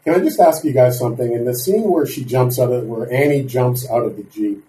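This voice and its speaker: A soft-spoken man, a guest on a podcast, whose sentences trail off quietly. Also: mid-range voice, fairly quick. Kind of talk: casual chat. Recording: distant echoey remote mic.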